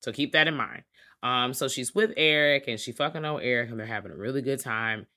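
Bright, animated podcast co-host. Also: mid-range voice, fairly quick. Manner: animated storyteller, acts out quotes loudly, swears freely. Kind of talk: casual chat.

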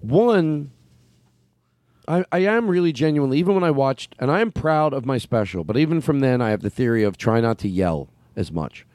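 A man hosts a loose podcast chat, wandering off topic and restarting his sentences. His pitch swings up and down a lot as he talks. The recording is dry and close, with no room sound. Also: lively intonation, normal speed, darkish tone, no echo. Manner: meandering, self-interrupting, full of fillers and restarts. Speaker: comedian podcast host. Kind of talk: casual rambling chat.

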